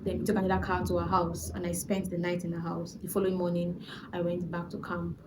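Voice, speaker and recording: A young woman with a Nigerian accent telling a personal faith testimony in a chatty, animated way, often restarting her sentences. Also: on the low side, quick pace, background noise. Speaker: vlogger.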